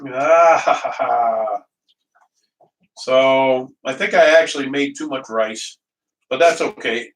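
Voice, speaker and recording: A man's voice: mid-range voice, fairly bright tone, far from the mic. A man hosting a casual live cooking stream from his kitchen, rambling and chatty, greeting viewers by name and laughing often. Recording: echoey room, voice from off-mic.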